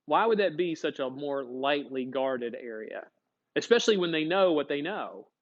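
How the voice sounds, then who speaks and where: A man teaching a history class in a folksy, chatty way, often stopping to put questions to his students. His voice sits a bit high for a man. The recording sounds dull and lo-fi. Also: lively intonation, moderate pace. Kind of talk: classroom lecture.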